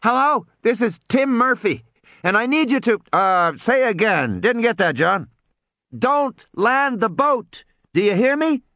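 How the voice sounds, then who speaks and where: A man's voice: extremely high pitch, big pitch swings, measured pace, pushed and bright, dry recording, pitched above the performer's own voice, full character voice. A man voicing a frantic young boy pleading urgently into a phone in an audiobook.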